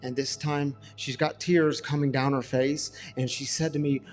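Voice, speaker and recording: A middle-aged man preaching a passionate sermon, swinging from emphatic questions to soft confessional tones. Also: medium pitch, little pitch movement, normal speed, long reverb tail, soft background music. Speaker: pastor.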